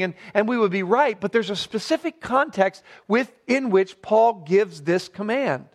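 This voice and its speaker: High-voiced male preacher, earnest and slow-stressed. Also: expressive. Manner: earnest, stresses key words slowly, asks rhetorical questions. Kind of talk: sermon.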